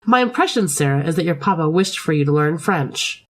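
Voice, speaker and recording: A strict, cold headmistress in a storybook game, as a woman acts her out. She scolds with a lively rise and fall in her voice. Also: low voice, brisk. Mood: stern.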